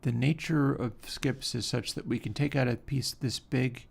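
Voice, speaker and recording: A man's voice: mid-range voice, moderate pace, creaky, slightly rough. A man hosting a livestream, giving casual, musing technical commentary while he edits audio. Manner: relaxed, musing, talks while working. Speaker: livestream host.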